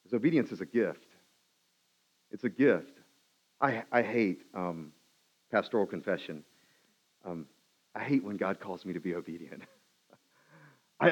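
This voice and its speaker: A man, a pastor, preaching a sermon and retelling a story with lively swings between loud and hushed delivery. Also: fairly low pitch, unhurried, pauses often, lo-fi sound.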